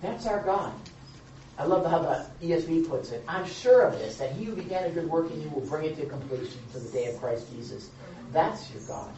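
A man preaching a sermon to a live group, animated, acting out the quotes and adding joking asides. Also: a little high, fairly quick. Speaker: pastor. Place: church or meeting room with a live audience. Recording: roomy, distant, dull sound with faint noise.

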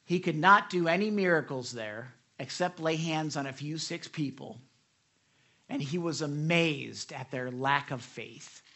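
A preacher delivers a lively devotional sermon, retelling scripture with lots of repeated starts and putting questions straight to his listeners. His voice sits in the mid range and moves a little slowly.

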